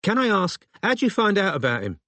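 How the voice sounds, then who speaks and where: Audiobook: a male narrator playing a wary, belligerent London woman on the phone, raised pitch, terse lines. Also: very animated, brisk, a bit bright, dry recording. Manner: suspicious, curt, blunt.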